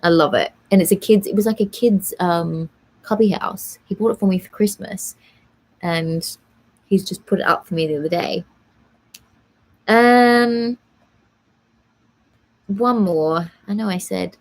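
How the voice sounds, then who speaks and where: A woman's voice: mid-range voice, a little slow, long pauses. A young woman at home hosting a casual live Q&A, chatting in a rambling way with many fillers. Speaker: live stream host answering viewer questions.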